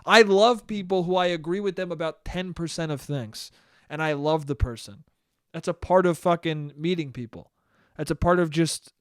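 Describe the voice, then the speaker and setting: A young man hosting a solo podcast, ranting with animated energy, swearing often and mocking people's voices. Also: on the high side, smooth, no echo, studio quality. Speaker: podcast host.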